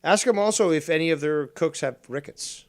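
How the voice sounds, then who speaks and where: A man's voice: on the high side, brisk. Profane teasing man hosting a game stream. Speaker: streamer host. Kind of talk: casual gaming stream chat.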